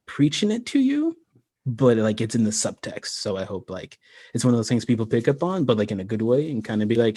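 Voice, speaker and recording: A man's voice: mid-range voice, brisk, no room sound. An American man chatting casually on a livestream, rambling with lots of "like" and frequent laughs. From United States. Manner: relaxed and rambling, many "like"s, laughs often. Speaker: creator talking about his fantasy world.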